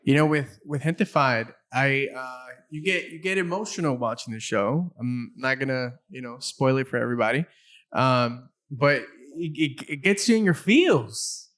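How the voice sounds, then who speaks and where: A man hosting a casual chat, talking in halting bursts with many restarts and fillers. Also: medium pitch, expressive, fairly bright tone. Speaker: podcast host.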